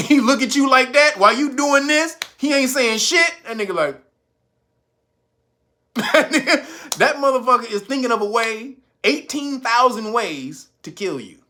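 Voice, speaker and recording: High, bright-voiced man laughing through commentary. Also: expressive, unhurried. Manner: laughing often, acting out quotes loudly. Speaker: podcast host. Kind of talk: profane comedic commentary.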